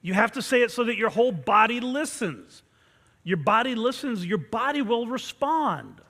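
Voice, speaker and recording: A man with a high, ringing voice delivers a fired-up pep talk as a martial arts instructor, pushing his class to chant with intensity. His words bounce around a big hall with a long echo. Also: expressive, moderate pace, a bit bright. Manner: intense, urging call-and-response chants. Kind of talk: motivational pep talk to students. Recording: long reverb from a large hall.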